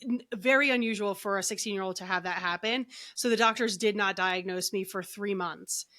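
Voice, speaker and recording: A middle-aged woman, a guest on a podcast, telling her story in an animated way and acting out the lines of others. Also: medium pitch, brisk. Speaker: podcast guest, energy healer.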